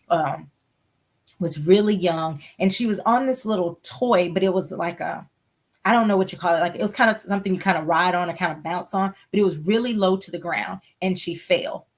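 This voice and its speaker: A middle-aged woman host talking through mental health tips in a live broadcast, earnest and explaining with everyday examples, pausing often with "um.". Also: lowish voice. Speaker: host offering therapy.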